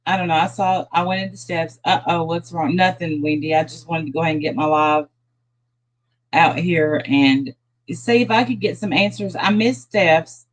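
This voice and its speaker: A woman's voice: sits low, fairly even intonation, normal speed, poor audio. A tired, sad-sounding middle-aged woman, rambling loosely through a casual phone livestream as she greets her viewers one by one. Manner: loose, rambling talk with restarts. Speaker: livestream host.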